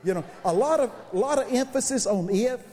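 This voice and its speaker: A man preaching a humorous sermon, animated and joking, swinging between high shouts and low asides. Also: fairly quick, a little hiss or hum. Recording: reverberant hall recording.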